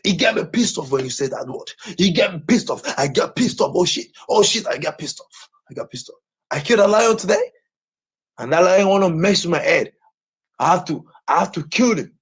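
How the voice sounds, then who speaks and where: A man's voice: a little high, lively intonation, fairly quick, breathy edge. A Nigerian man ranting on a livestream, agitated and repeating the same phrases over and over.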